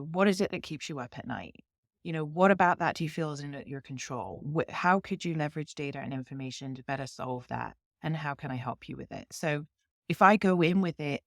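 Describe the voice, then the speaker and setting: A woman's voice: low-pitched, no room sound, clean studio sound. A woman with a British accent, a company head being interviewed, explaining her approach in long examples and acting out client conversations. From Britain. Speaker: CEO guest.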